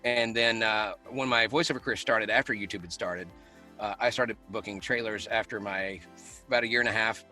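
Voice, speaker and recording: A voice actor appears as a guest in a casual interview, talking quickly in a bright, forceful voice that sits slightly low. He tells animated stories and laughs often, with faint music playing in the background.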